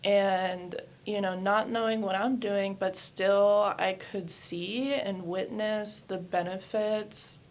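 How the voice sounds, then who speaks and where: A woman in her thirties who owns a yoga studio candidly tells her life story in a casual interview, using many fillers; she's from New Hampshire and West Virginia. Her medium-pitched voice has fairly even intonation, and she speaks slowly with few pauses over slight background noise.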